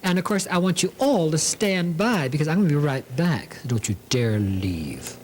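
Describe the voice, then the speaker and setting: A man's voice: high voice, lively intonation, fairly quick, music in the background, poor audio. A man hosting a sewing demonstration, talking in a theatrical, camp way, full of 'lovely' and 'darlings'. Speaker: sewing show host.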